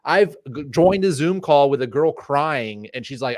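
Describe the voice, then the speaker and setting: Man, podcast co-host, smooth voice, dry close sound, passionate rambling rant. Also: mid-range voice, moderate pace, no room sound. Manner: passionate, ranting warnings with many fillers. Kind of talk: casual podcast chat.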